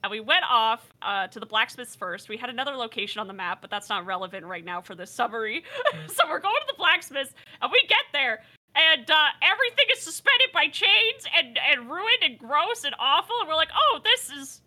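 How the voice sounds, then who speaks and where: High, animated young woman recapping a game. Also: brisk. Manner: giggly, animated storyteller. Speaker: player recapping the session. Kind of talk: episode recap of a tabletop game.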